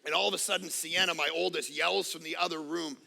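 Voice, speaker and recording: Middle-aged pastor guy, high gravelly voice, jokey sermon, goes from quiet to yelling. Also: brisk. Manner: animated, swings from quiet asides to loud near-shouting; casual, joking storyteller. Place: church auditorium.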